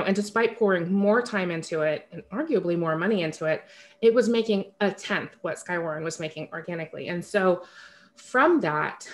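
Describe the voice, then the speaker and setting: A woman author talking candidly in an interview, chatty and self-correcting, often laughing at herself. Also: medium pitch. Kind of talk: casual interview conversation.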